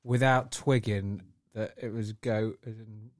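Male co-host, low voice, dry booth sound, casual banter. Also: steady tone, slow, darkish tone, no echo. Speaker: podcast co-host.

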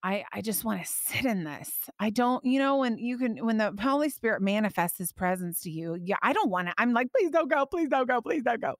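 A woman hosting a faith podcast tells a personal story with animated emotion, her voice climbing high when she quotes her prayers. The studio-quality audio has no echo.

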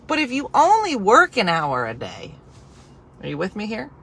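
A woman telling a story on a live stream as a casual rant, exasperated and animated, swinging from quiet asides to loud outbursts. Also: mid-range voice, normal speed, slightly rough, rough recording.

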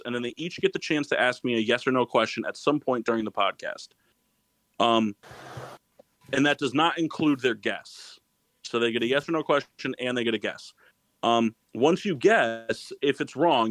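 A man's voice: mid-range voice, rough recording. A man hosting a casual sports podcast, rambling and correcting himself, laughing often. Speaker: podcast host.

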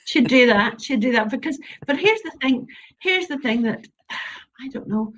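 A woman's voice: fairly high pitch, animated, normal speed, a little hiss or hum. An Irish woman talking as a storyteller guest in an interview, earnest and emphatic, repeating her points. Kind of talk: interview conversation.

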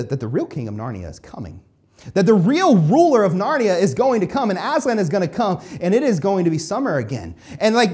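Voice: medium pitch, darkish tone. A pastor preaching a sermon in a conversational, self-deprecating way, often repeating phrases.

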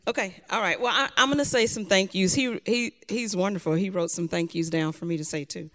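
A woman's voice: medium pitch, a little fast, a bit bright. A woman giving chatty thank-yous to an audience in a church, sometimes tripping over names. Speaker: event speaker giving thanks. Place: church hall. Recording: long hall reverb.

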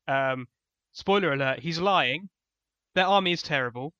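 A man's voice: mid-range voice, moderate pace, bright, forceful tone, clear, resonant tone, no echo, muffled recording. A man co-hosting a casual comedic film review, dry and sarcastic, hesitating with ums, from England. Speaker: podcast co-host.

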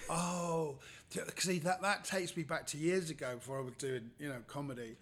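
Husky-voiced man telling stories. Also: a little high, moderate pace. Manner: lively storyteller acting out quoted people. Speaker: comedian guest. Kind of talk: casual anecdotal chat.

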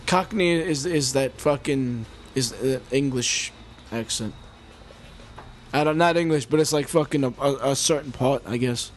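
A man's voice: medium pitch, unhurried, a little hiss or hum. A man in his forties hosting his own podcast, rambling and heated, swearing often as he talks into a mic with a homemade pop filter at home. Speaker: podcast host. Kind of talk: casual profane monologue.

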